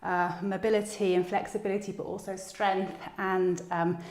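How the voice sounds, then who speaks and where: Yoga teacher, woman, calm encouraging cues, a bit breathless, echoey room. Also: medium pitch, normal speed. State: slightly out of breath. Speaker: yoga instructor. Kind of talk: guided yoga class instruction.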